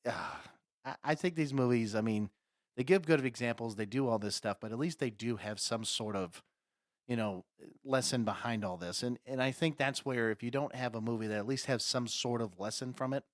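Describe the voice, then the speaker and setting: A man's voice: medium pitch, a little fast, no echo, clean studio sound. A man co-hosting a casual podcast chat, swearing freely and laughing often as he riffs. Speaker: podcast co-host.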